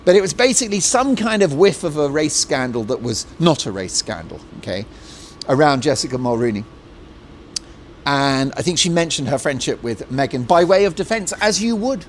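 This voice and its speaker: A middle-aged man hosting an opinionated talk show monologue, mocking and animated, breaking into jokey put-on voices. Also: a little high, normal speed, slight background noise. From Britain.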